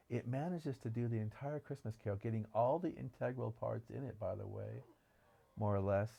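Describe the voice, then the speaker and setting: Guy on a podcast, low gravelly voice, gets excited and wanders off on tangents talking movies. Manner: enthusiastic, digressive storytelling. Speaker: podcast co-host. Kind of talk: casual film discussion.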